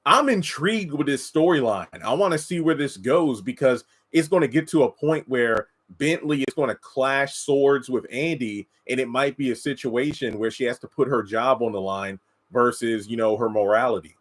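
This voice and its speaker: A man giving casual commentary on a TV episode, answering chat comments and mocking characters in high put-on voices. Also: normal speed, few pauses, poor audio. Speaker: TV show reviewer.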